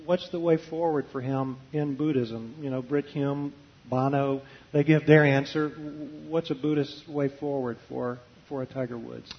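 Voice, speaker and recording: A man's voice: medium pitch, steady tone, a little slow, dull audio. A man who is a Baptist preacher, talking in an interview with many fillers and restarts. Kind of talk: conversational interview, reading a passage aloud.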